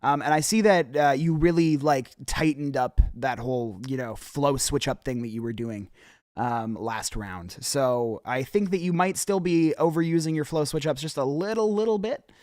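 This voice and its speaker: A man's voice: mid-range voice, moderate pace, darkish tone, no echo, clean studio sound. A young man hosting a show, giving casual, encouraging feedback on rap entries, rambling with many restarts and swearing. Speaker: host. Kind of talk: casual feedback on music submissions.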